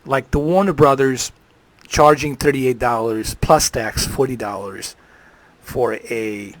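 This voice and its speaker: A man ranting into a desk mic on his live stream, loud and profane, hardly pausing. His voice sits at an ordinary pitch. The room sound is dry and close. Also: no room sound.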